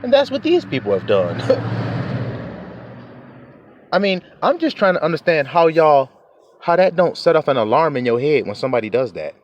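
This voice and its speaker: A man's voice: on the high side, sing-song, a little slow, long pauses, lo-fi sound. A man preaching in a casual, emphatic way, cursing freely and chuckling often. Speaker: religious teacher. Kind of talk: informal preaching rant.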